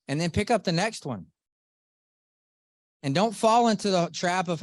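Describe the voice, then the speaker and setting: A middle-aged man giving an earnest, animated motivational talk to a live group, often asking the audience questions. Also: high-pitched, normal speed, pauses often, no room sound, studio quality. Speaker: motivational speaker.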